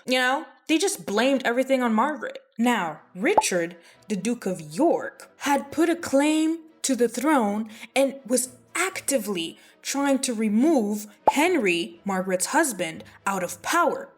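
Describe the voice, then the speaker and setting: A woman's voice: on the high side, big pitch swings, unhurried. A woman host telling history in a casual, gossipy way, full of sassy, playful asides. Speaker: history vlogger. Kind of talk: casual chatty storytelling.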